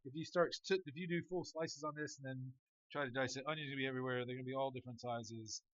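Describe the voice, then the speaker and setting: A man's voice: mid-range voice, steady tone, fast, a bit bright, dry recording, dull audio. A man chef chatting casually and joking with filler words while demonstrating a recipe.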